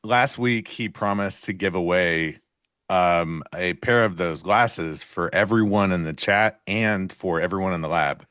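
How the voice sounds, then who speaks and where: A man co-hosting a live trading show, chatting casually and explaining market ideas in a relaxed way. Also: low voice, unhurried, no echo, clean studio sound.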